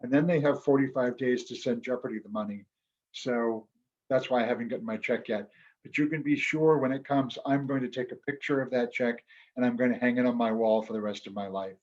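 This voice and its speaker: A man speaks with quiet earnestness, recounting a personal experience to an online club audience. His voice sits at an ordinary middle pitch, and the call audio is a little muffled and dull. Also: steady tone, brisk. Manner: earnest, reflective, occasionally emotional. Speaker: guest speaker, former quiz show champion. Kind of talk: storytelling talk at an online club meeting.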